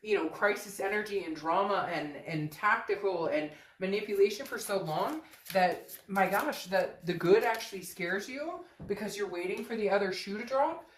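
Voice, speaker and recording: A woman's voice: mid-range voice, animated, normal speed, hardly any pauses, slight background noise. A woman giving an earnest, emphatic tarot reading to her viewers, often repeating phrases. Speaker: tarot reader. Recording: echoey room.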